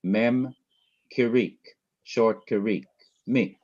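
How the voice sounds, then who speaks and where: In a dull, lo-fi lecture recording, a Jamaican-accented man with a lowish, darkish voice draws out his words. He teaches Hebrew grammar over slides, carefully repeating terms and counting out syllables.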